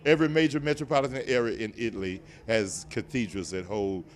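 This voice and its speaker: An older Nashville man with a Southern accent chats playfully and teases as a guest in a casual interview at an indoor event venue, alongside a TV show host. His pitch is fairly low, his intonation fairly even, and his pace a little fast.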